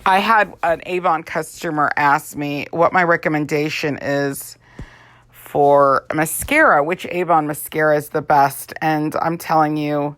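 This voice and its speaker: A woman's voice: sits low, steady tone, a little slow, a bit bright, dry recording. A tired woman in her forties, an Avon representative chatting in a rambling way while doing her makeup. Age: 40s. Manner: rambling, chatty, with many fillers. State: tired, yawning. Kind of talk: casual makeup vlog chat.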